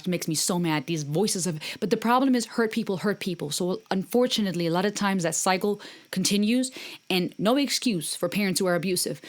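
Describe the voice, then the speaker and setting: A woman hosting a music reaction video, talking casually and earnestly, with encouraging, faith-based remarks to her viewers. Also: medium pitch.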